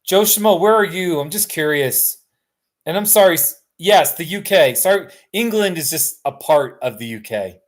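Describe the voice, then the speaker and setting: A man's voice: on the high side, expressive, normal speed. Middle-aged guy, tired live streamer chatting from his couch, self-mocking, rambling. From United States. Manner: rambling, self-deprecating, laughs often. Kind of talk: casual live stream chat. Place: home, sitting on a couch.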